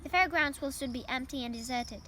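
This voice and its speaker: A young woman voicing a wise, gentle female spider who speaks softly and steadily, reading a storybook aloud. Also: high-pitched, brisk. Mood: tender.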